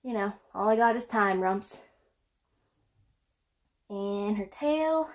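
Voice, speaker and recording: A woman's voice: mid-range voice, takes it slowly, pauses often. Chatty woman in an echoey room. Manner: chatty, laughs often, excited whoops. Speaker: snake keeper vlogger. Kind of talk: casual show-and-tell vlog. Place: indoors room by a snake enclosure.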